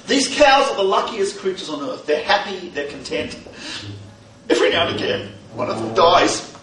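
Brief: male lecturer, very high, bright voice, animated with rhetorical questions, recorded from far off in an echoey hall. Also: normal speed. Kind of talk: humorous lecture to a live audience. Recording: echoey hall, distant mic, faint noise.

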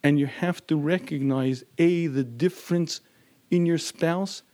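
Male teacher with a somewhat higher voice, keeps clearing his throat, lively storytelling lecture. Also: measured pace. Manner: frequent throat-clearing, acts out quoted voices. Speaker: marriage teacher. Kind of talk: lecture on marriage.

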